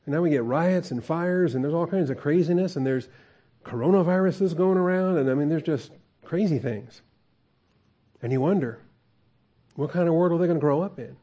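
A man's voice: fairly high pitch, normal speed, dark tone. A man preaching a conversational verse-by-verse sermon as a pastor, asking the congregation questions and chuckling often.

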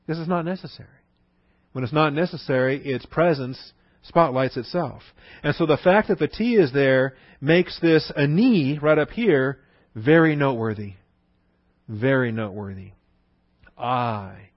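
A man teaches a Bible class at a mid-range pitch, talking conversationally and repeating himself for emphasis. He slows down to spell out key words. The recording is dry and muffled, with a dull, lo-fi tone. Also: no room sound.

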